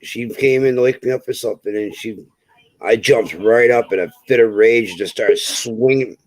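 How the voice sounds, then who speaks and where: Male homestead host, easygoing storyteller, mid-pitched, dry close sound. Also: fairly even intonation, normal speed, a little mellow, dry recording, rough recording. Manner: laid-back storyteller, swears freely. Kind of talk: casual chat.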